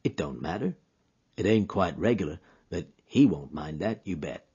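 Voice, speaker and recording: A man voicing a weary, gentle old frontiersman who talks in a drawling frontier dialect, in a lo-fi recording. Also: low-pitched, expressive, normal speed, slightly rough, full character voice. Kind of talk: audio drama acting. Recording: dull lo-fi recording.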